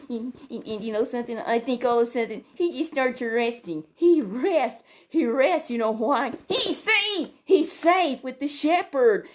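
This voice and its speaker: A woman telling a Bible story to a child in a gentle, exclamatory way, often breaking in with soft "oh"s. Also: a little high.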